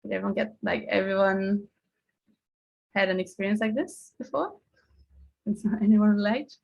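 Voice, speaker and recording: A woman's voice: medium pitch, normal speed, creaky, darkish tone, dull audio. A woman mindset coach giving a casual talk to a group, telling stories in a chatty way and acting out what people said. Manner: chatty storytelling, acting out quotes.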